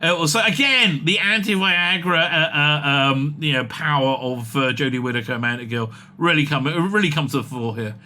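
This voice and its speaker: A man giving casual comic commentary on an interview, excitable and rambling, with many fillers and laughs. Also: on the high side, normal speed, hardly any pauses.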